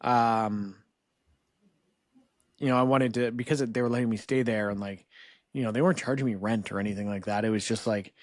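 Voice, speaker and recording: A man in his thirties from Canada, a podcast guest talking in a relaxed, rambling way full of "like" and "you know". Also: on the low side, fairly quick, pauses often, no echo. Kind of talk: casual interview chat.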